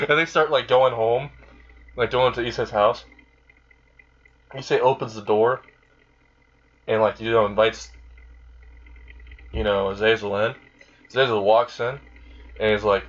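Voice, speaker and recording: A man's voice: mid-range voice, fairly even intonation, unhurried, long pauses, fairly bright tone, muffled recording. A man casually retelling a fan-made story in a rambling way, with many fillers. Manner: rambling, frequent fillers and laughing.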